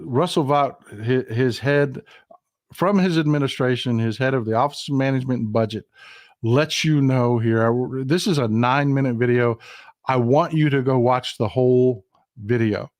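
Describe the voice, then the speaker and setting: A man's voice: medium pitch, no echo. Male livestream host, emphatic and repetitive, dry close sound. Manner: emphatic, repeats himself, stumbles and restarts. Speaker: political commentary host. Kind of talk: livestream political commentary.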